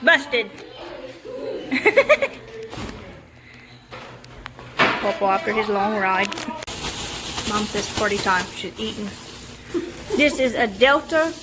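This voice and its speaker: A woman's voice: high voice, takes it slowly, long pauses, heavy background noise. A woman vlogging on her phone at a family home at night, chatting and laughing often. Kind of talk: casual vlog narration. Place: family house at night, evacuated. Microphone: handheld phone camera.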